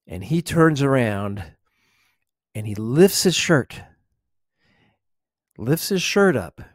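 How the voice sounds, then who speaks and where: Hesitant man telling a true story softly. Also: medium pitch, no room sound, clean studio sound. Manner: hesitant, many fillers and repeated words. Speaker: former store loss prevention officer. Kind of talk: ASMR true-story narration.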